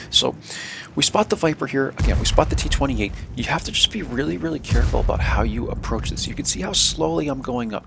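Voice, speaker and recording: Gravelly-voiced gamer giving gameplay commentary. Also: male voice, mid-range voice, noisy background. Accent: American. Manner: casual, repeats words, many fillers. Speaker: gaming video creator.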